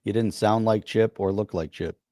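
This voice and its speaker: A man's voice: fairly low pitch, steady tone, moderate pace, warm tone. A man co-hosting a live stream, adding brief laid-back remarks. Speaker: podcast co-host. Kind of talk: casual live-stream chat.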